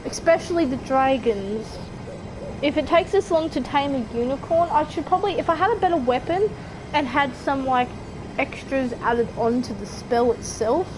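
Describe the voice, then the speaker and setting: A woman's voice: high voice, normal speed, background noise. A woman with an Australian accent chatting casually while streaming a game, rambling with fillers and giggles. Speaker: gaming streamer. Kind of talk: casual chat while gaming.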